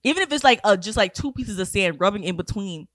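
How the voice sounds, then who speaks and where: A woman's voice: medium pitch, animated, a bit bright, dry recording. Podcast co-host, woman in her twenties, supportive, chats casually, recorded dry and close. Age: 20s. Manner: supportive listener with quick affirmations, laughs along. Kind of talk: casual chat.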